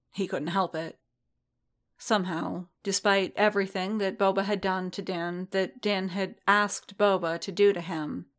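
A woman reading a piece of fan fiction aloud in a steady, measured narration. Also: medium pitch. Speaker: reader.

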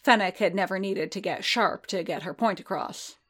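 A woman reading a fiction story aloud in an even, unhurried way, with occasional small restarts. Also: medium pitch. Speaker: reader.

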